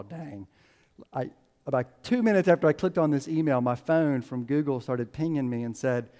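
A pastor giving a conversational sermon, telling stories and acting out quotes with lively ups and downs. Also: male voice, on the high side. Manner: conversational, animated storytelling with acted quotes.

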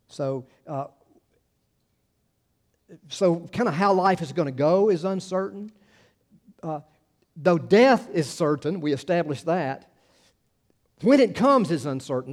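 A man's voice: fairly high pitch, expressive, measured pace, long pauses. A man preaching a conversational sermon as a pastor, informal and chatty, with wry asides to the congregation. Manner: informal and chatty, many fillers and restarts.

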